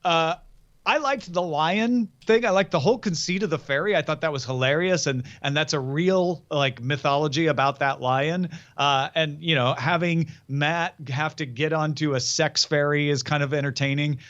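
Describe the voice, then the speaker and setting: A man's voice: on the high side, normal speed, a bit bright, lo-fi sound. A man co-hosting a podcast, chatting casually about TV episodes. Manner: chatty, reads listener mail aloud. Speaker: podcast co-host.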